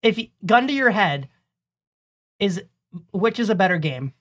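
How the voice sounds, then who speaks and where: A man's voice: sits high, animated, measured pace, fairly bright tone. A man in his twenties co-hosting a casual podcast, bantering emphatically and swearing freely. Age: 20s. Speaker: podcast co-host. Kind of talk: casual chat.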